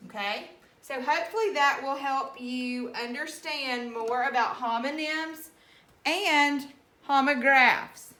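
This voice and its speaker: A woman's voice: high voice, bright, forceful tone. Patient woman teacher in an echoey room. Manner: slow, patient, spells words letter by letter. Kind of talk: recorded classroom reading lesson.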